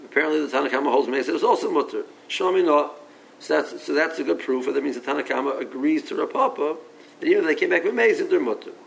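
A man's voice: fairly high pitch, lively intonation, quick pace, creaky, slight background noise, rough recording. A man giving a Talmud study lecture, reasoning aloud and mixing English with Aramaic and Hebrew terms, often repeating himself as he restarts sentences. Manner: frequent restarts and repeated words. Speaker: Talmud teacher.

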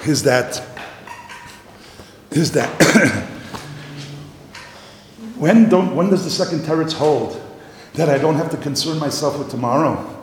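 A man giving a Talmudic lecture, animated and repetitive, mixing in Yiddish and Hebrew terms, coughing now and then. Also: fairly high pitch, slow, pauses often. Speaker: Torah teacher. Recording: echoey hall, faint noise.

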